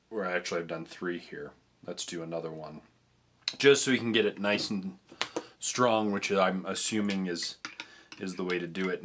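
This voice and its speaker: Young guy rambling through a food taste test, lowish voice, trips over his words a lot. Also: fairly bright tone, a little hiss or hum. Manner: rambling, chatty, stumbles over restarts. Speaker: vlogger tasting treats. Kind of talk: casual food review vlog.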